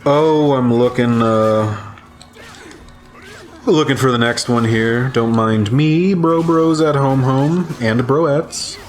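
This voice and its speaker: Male host, mid-pitched voice, dramatic story reader with playful asides. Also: slow, faint music behind. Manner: laughs often, playful banter between readings. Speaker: channel host reading horror stories. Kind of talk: dramatic reading with casual asides.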